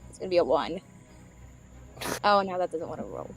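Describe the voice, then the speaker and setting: A woman playing in a tabletop game, chatting casually with wry, quick asides. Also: lowish voice, expressive, faint music behind, low-quality recording. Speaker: player.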